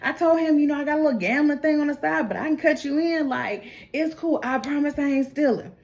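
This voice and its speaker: A woman's voice: high voice, a little fast, gravelly, a little mellow, voice pushed up. A woman voicing a nervous man who pleads and denies stealing. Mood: pleading. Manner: pleading, defensive.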